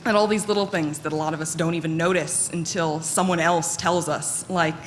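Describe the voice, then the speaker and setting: A woman giving a live conference talk in a fairly monotone, candid and self-deprecating way, with plenty of fillers. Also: sits low, fairly quick. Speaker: conference speaker. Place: conference hall. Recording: echoey hall with faint noise.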